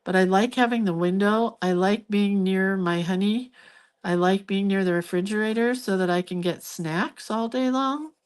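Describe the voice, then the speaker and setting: A woman's voice: medium pitch, moderate pace, clean tone. A woman hosting a hand-lettering livestream, chatting in a rambling, reminiscing way while she draws in her living room at home. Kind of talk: casual chat while drawing.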